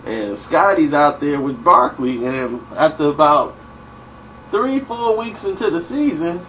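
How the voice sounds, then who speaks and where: Animated slangy man telling a story. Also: a little high, unhurried, slight background noise, poor audio. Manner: animated, slangy, frequent "you know" and "like". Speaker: vlogger. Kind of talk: casual storytelling.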